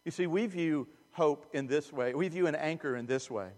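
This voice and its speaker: Pastor preaching in a reverberant hall. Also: male voice, fairly high pitch, moderate pace. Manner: earnest preaching that swings from loud emphasis to hushed asides. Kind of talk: sermon. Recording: long reverb of a large hall.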